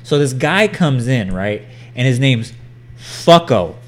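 A man co-hosting a podcast, telling a work story in a profane, animated way. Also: medium pitch, slow. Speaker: podcast co-host. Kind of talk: casual chat.

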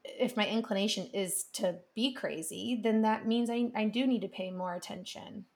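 This podcast co-host, a woman in her thirties or forties, has a gravelly, slightly mellow mid-range voice at a normal speed. In casual chat she tells earnest, meandering stories, often starting sentences over.

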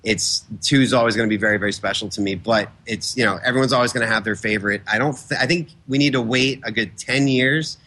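A man being interviewed about his films, chatting casually and acting out other people's words as he tells stories. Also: mid-range voice. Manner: fast, animated storyteller who acts out quotes. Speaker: guest filmmaker.

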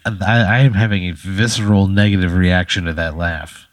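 Lower-voiced guy on a podcast, skeptical quick questions, dry sound. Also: dry recording. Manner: quick, incredulous questions and reactions. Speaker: podcast co-host. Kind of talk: casual comedic banter.

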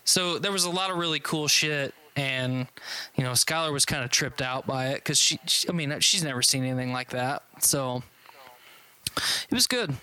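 A man's voice: medium pitch, moderate pace, sharp tone, clear, resonant tone, poor audio. A man in casual chat, recapping a concert he saw in a loose, rambling way with frequent swearing and restarts.

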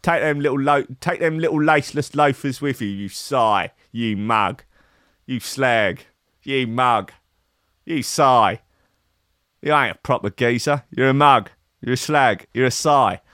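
A man's voice: mid-range voice, a little slow, a bit bright, no echo, clean studio sound, natural voice. A man putting on a Cockney accent to play a sneering, aggressive hard man who hurls sweary insults. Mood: scornful.

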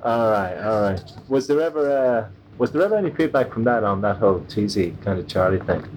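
Lively male interviewer, teasing questions. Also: on the low side, fairly quick, distant mic. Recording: noisy background.

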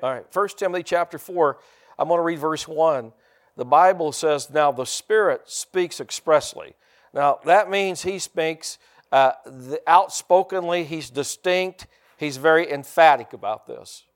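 This is a man preaching from the pulpit, with a voice sitting a little higher than most men's. He leans hard on call-and-response and keeps coming back to the same phrases. He slows right down whenever he wants a word to land. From United States. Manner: slows down to stress key words. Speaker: pastor. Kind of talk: sermon.

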